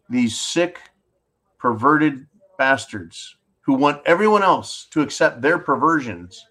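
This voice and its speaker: A Californian man with a medium-pitched, slightly bright voice hosts a political call-in show. Reading viewer questions aloud, he launches into blunt, sarcastic rants.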